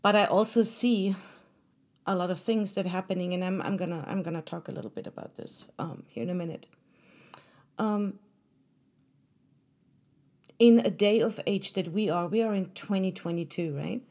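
A woman hosts her own solo podcast, speaking at normal speed in a fairly low, slightly mellow voice with long pauses. She addresses listeners earnestly and conversationally, with fillers and restarts.

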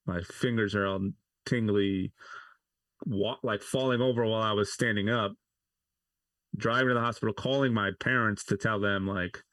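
A man's voice: lowish voice, fairly even intonation, normal speed, a bit bright, dry recording. A man, likely in his thirties, as a podcast guest telling personal stories in a rambling way, with many "like" fillers and restarts. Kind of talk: casual interview storytelling.

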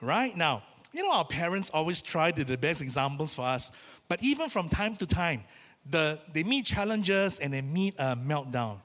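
A man preaching a sermon in a church, telling a personal story in a lively, chatty way and acting out the voices he quotes. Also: fairly high pitch, moderate pace. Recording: reverberant church hall.

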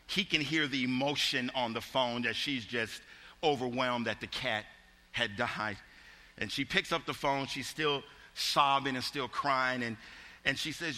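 A man's voice: medium pitch, steady tone, moderate pace, sharp tone, big-room sound. A man preaching a sermon, telling a folksy story with frequent restarts and repeated words.

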